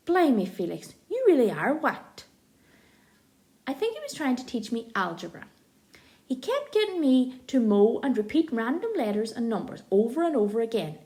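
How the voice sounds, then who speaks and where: A woman reads an audiobook in the first person. Her storytelling is lively, her pitch rising and falling freely. The tone is warm and mellow. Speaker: audiobook narrator.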